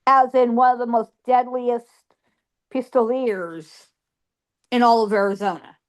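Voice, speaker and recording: A woman's voice: on the high side, steady tone, measured pace. A woman guest psychic telling ghost stories in an interview, emphatic, piling up repeated words for stress.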